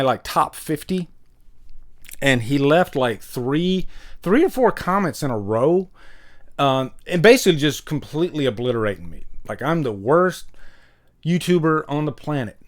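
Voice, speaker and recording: A man hosting a casual livestream, greeting viewers in the chat by name and rambling between topics. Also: fairly high pitch. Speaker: livestream host. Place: home room with vinyl records.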